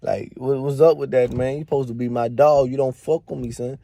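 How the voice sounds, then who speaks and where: A man voicing a belligerent drunk young man who repeats loud taunts, picking a fight. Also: mid-range voice, steady tone, brisk, gravelly, close to an everyday voice. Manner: loud, repetitive, slurring taunts.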